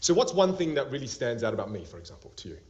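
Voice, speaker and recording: A man teaching an interactive online class as a public speaking coach. He talks in an animated way, laughs a lot and acts out little scenes as he explains. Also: medium pitch, racing. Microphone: video call. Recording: dull lo-fi video call audio.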